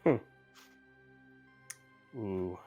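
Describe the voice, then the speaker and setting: A man running a tabletop game as game master, narrating and calling for checks in a playful, relaxed way. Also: drawn-out words, phone-quality sound, soft background music.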